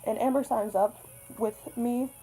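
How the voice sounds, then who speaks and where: A woman's voice: a little high, fairly even intonation, measured pace, mellow, soft background music, poor audio. A young woman telling a story in a casual vlog, rambling, swearing and joking at her own expense. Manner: rambling, swears a lot, self-deprecating. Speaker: vlogger.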